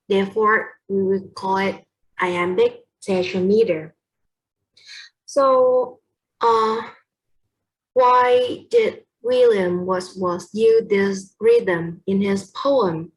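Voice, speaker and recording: A young woman with a Vietnamese accent presents a poetry lesson at a slow, careful pace. She is hesitant, pausing on fillers and stopping to correct herself, and her pitch sits mid-range. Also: rough recording.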